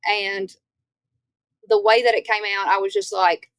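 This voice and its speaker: Young Louisiana woman with a Southern drawl, a chatty guest voice, mid pitch. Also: measured pace, smooth, dry recording. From Northeast Louisiana. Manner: lively, chatty storyteller. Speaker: guest, country singer. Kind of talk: casual interview chat.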